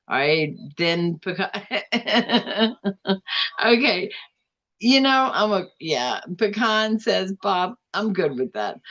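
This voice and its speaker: A woman hosting a casual live stream, chatting and reading out viewer comments, with a drawn-out, bouncy way of talking. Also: a bit bright, dull audio. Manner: chatty, drawn-out, swings up and down in pitch.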